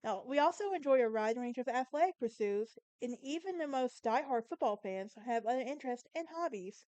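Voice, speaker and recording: A woman's voice: sits high, expressive, brisk, a little mellow, no room sound. A Southern woman with a Southern US accent hosting a podcast, talking in a sassy, opinionated, emphatic way. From American South. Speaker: podcast host. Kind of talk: casual monologue.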